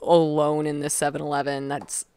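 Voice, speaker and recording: A woman's voice: deep voice, monotone, normal speed, mellow, clean tone, dry recording. A woman co-hosting a podcast, telling a rambling casual story full of "like" and swearing. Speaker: podcast co-host.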